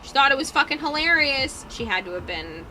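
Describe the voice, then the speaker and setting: A woman's voice: sits high, very animated, fairly quick, background noise. A young adult woman livestreaming in casual chat while she works on a cosplay, telling stories, laughing and swearing freely. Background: music playing.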